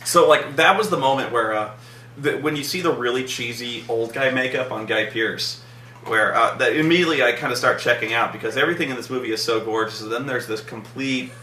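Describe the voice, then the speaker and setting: A man's voice: medium pitch, fairly quick, pushed and bright, echoey room, distant mic, a little hiss or hum. A man reviewing a film in casual chat, rambling with many fillers and repeats and a sarcastic edge. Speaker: movie reviewer, co-host.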